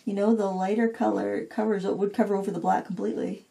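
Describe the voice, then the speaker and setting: Gravelly-voiced woman painting and thinking aloud. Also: mid-range voice, level tone, fast, warm tone. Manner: thinking aloud while painting, self-critical and candid. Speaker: craft video host. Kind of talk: casual painting tutorial talk.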